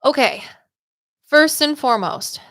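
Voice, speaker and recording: A woman's voice: high voice, expressive, measured pace, a bit bright, no room sound, clean studio sound. A woman hosting livestream psychic readings, chatty and upbeat, rambling with lots of "like" and "um". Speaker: psychic medium host.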